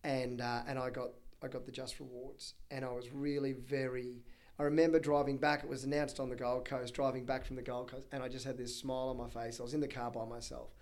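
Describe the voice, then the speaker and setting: A man in his thirties with an Australian accent, a chatty, energetic auctioneer telling stories in a podcast interview. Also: medium pitch, brisk. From Brisbane, Australia. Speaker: auctioneer guest.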